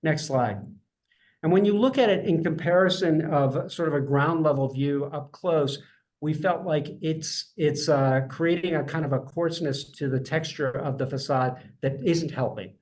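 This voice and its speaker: A man presenting an architecture project at a public design review, talking fast and earnestly with many restarts. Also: fairly high pitch, darkish tone. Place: remote public meeting.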